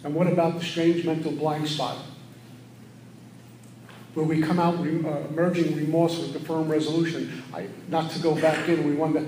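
A middle-aged man giving an earnest, preachy share at a recovery meeting, often acting out his own thoughts in quick asides. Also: a little high, level tone, a little mellow, slight background noise. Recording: echoey room with faint ambience.

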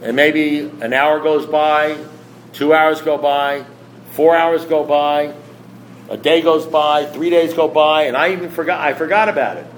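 A man's voice: on the high side, steady tone, unhurried. A man sharing his recovery story at a meeting, rambling, repetitive, blunt and self-deprecating. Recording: echoey room with faint background noise.

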